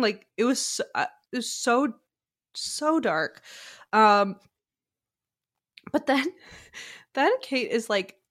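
Woman retelling a show, animated. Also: on the high side. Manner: animated storytelling, acts out quotes. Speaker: podcast co-host. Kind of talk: casual chat recapping a reality show.

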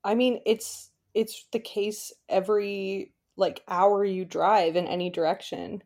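A woman's voice: medium pitch, steady tone, measured pace, darkish tone. A woman co-hosting a podcast in casual chat, rambling with lots of "like" and restarts and often giggling. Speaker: podcast co-host. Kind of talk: casual chat recapping a reality show.

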